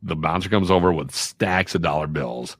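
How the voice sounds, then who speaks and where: A man with a very low, deep voice tells stories in a relaxed, chatty way, slipping into voiced quotes of the people involved. The sound is dry and close, with no room around it. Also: normal speed, no room sound. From Chicago area. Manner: animated anecdote-telling with voiced quotes. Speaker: guest voiceover artist and radio personality. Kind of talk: casual storytelling chat.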